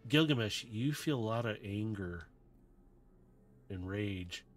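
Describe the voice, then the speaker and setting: A man's voice: on the low side, expressive, slow, a little hiss or hum. A man narrating a tabletop role-playing game as game master, in a casual, loose way. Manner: casual, loose, with many "kinda".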